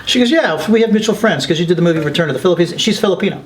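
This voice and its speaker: Guy with a higher voice telling war stories in an interview, excited, keeps doing little voices for people. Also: very fast. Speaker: documentary filmmaker guest. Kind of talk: animated interview storytelling.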